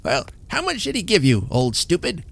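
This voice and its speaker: A cranky, bedridden old man from a storybook, shrieking his demands in a raised, querulous voice, played by a man reading aloud. His pitch leaps about, and his voice is rough and gravelly. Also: very animated, moderate pace, full character voice.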